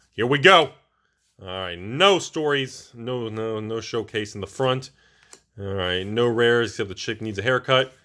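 Excitable man with a lively voice. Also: fairly low pitch. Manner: excitable, exclamatory, hyped-up. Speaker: host of a card-collecting channel. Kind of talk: casual booster box opening.

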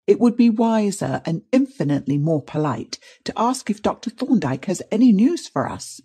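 Guy doing a stiff prim lady, raised mellow voice, audiobook. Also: high-pitched, sing-song, normal speed, breathy edge, heavily acted. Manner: stiff, reproving. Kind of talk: audiobook reading.

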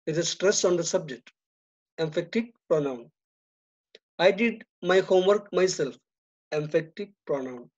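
A man with an Indian English accent teaching a grammar lesson, reading each example sentence and then giving the answer more quietly. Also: fairly high pitch, moderate pace, long pauses. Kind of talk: slow, deliberate grammar lesson. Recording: dull lo-fi recording.

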